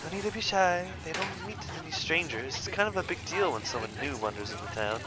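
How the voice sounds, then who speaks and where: A man's voice: a little high, animated, a little fast, voice pushed up, lightly acted, poor audio. A man reading a game character's lines, a chatty and friendly small-town local who talks in a breezy, teasing way.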